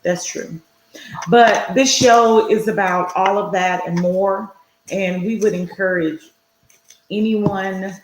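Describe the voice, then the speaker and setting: A woman's voice: on the low side, a little mellow, slight background noise. A woman co-hosting a casual talk show over a video call from her home office, with an encouraging, affirming manner. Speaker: co-host. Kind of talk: casual chat. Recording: roomy echo.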